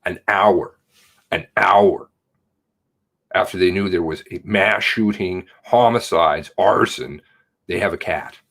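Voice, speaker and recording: On his laid-back commentary livestream, this Canadian host greets chatters by name and launches into indignant rants. His voice is low, gravelly and fairly bright, and he takes his time.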